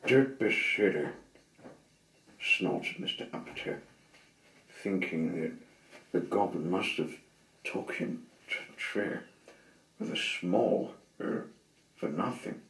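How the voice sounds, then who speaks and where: Male storyteller, lowish voice, slow and lively, roomy echo, distant mic. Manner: slow, expressive, dramatic pauses. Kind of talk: children's story reading.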